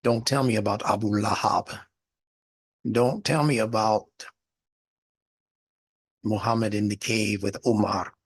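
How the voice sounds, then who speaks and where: A man's voice: fairly low pitch, fairly even intonation, unhurried, pauses often, breathy edge. A man teaching a religious studies class in a lecture, explaining word meanings and asking the class rhetorical questions.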